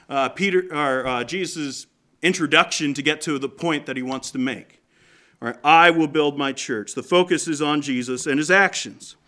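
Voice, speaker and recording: Casting: man, slightly high, bright clear tone, conversational church sermon with questions to the room. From Canada. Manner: conversational, asks the congregation questions. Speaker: preacher.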